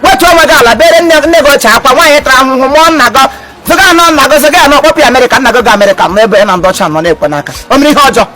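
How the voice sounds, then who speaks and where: A man with a Nigerian accent performing a comedy skit as an uncle, loud and theatrical, stammering and wailing. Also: very high-pitched, animated, very fast, poor audio. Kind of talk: comedy skit, mixing Igbo and pidgin English. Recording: music playing behind.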